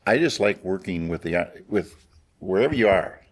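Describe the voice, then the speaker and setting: Veteran male coach, older, deep and husky, blunt aphorisms. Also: expressive, normal speed. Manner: plainspoken, uses sayings and short punchy phrases. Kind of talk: panel discussion.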